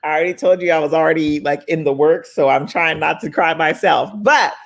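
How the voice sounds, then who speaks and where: A woman's voice: sits low, brisk, gravelly. A woman hosting a live online summit in casual, motivational chat. She sounds affectionate and upbeat, calling listeners "baby" and "y'all". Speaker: summit host.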